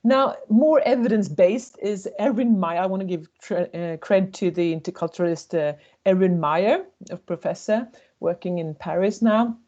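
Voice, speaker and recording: A woman's voice: medium pitch, normal speed, mellow, muffled recording. A woman, a consultant presenting a webinar, telling stories and acting out what people say. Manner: storytelling, acting out quoted voices. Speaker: intercultural communication consultant.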